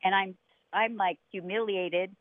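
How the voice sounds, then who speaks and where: A middle-aged woman tells a story on a radio interview, lively and expressive, slipping into the voices of the people she quotes. Her voice comes through a narrow, phone-like line with a very dry, close sound. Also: medium pitch, a little slow, no room sound. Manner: animated, acts out quoted voices, laughs often. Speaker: co-host.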